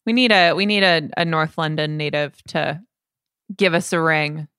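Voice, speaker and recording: A woman's voice: low-pitched, moderate pace, a bit bright, smooth, no echo, studio quality. A woman co-hosting a podcast in casual chat, joking and posing questions to her partner. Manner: chatty, joking, poses questions. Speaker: podcast co-host.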